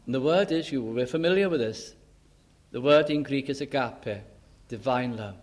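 An older man preaching a sermon, telling the story with feeling, acting out quoted dialogue and slowing down for emphasis. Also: a little high, expressive.

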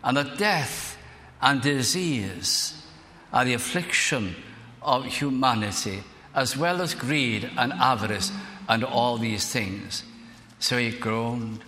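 An older man from South Wales, preaching a sermon as a minister in an earnest, measured way, slowing down to dwell on phrases. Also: medium pitch, bright, forceful tone. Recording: reverberant hall.

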